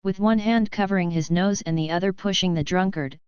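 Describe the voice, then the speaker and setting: A woman reading an audiobook novel aloud in an even, steady scripted narration. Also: mid-range voice, a little fast, smooth, dry recording, highs cut off.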